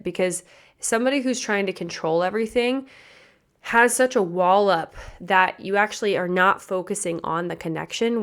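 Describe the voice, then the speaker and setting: Young adult woman, pageant coach hosting a solo podcast; energetic, conversational, audience-directed, slightly low voice. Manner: energetic, chatty, asks the audience questions. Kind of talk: motivational solo podcast talk.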